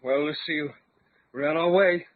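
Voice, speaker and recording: An actor playing a steady, reassuring male explorer in an old-time radio drama, speaking in clipped, calm lines. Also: on the high side, normal speed, natural voice. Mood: uneasy. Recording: tinny, narrow-band radio broadcast.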